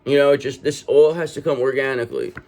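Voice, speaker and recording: A man's voice: medium pitch, steady tone, quick pace, darkish tone. A man reading tarot cards and speaking straight to the viewer in a reassuring way, ending many points with "okay?". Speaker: tarot reader.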